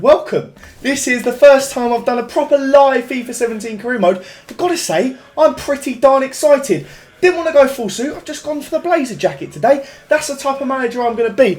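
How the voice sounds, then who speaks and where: A young man chatting through a football game with upbeat energy, addressing his viewers directly. His voice sits a little high for a man, with faint music behind. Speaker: gaming YouTuber. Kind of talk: casual game commentary.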